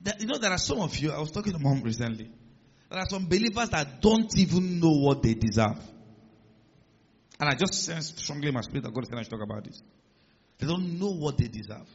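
A male pastor preaching a sermon in a large church hall, emphatic and building to loud declarations. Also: fairly high pitch, sing-song, fairly quick, husky. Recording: muffled sound with long hall reverb.

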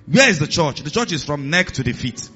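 A man's voice: on the high side, sing-song, brisk, bright, forceful tone, breathy edge, muffled recording, faint music behind. A man preaching a sermon as pastor, acting out voices in his stories and dropping to a hiss for commands. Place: church hall with a congregation.

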